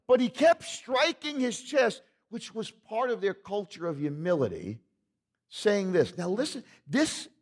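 A man preaching a sermon as pastor, emphatic and swinging between loud declarations and hushed words. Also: on the high side.

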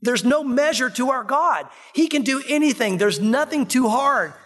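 A man preaching a sermon as pastor, telling stories in an animated way and acting out the voices of the people he quotes. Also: very high voice, normal speed.

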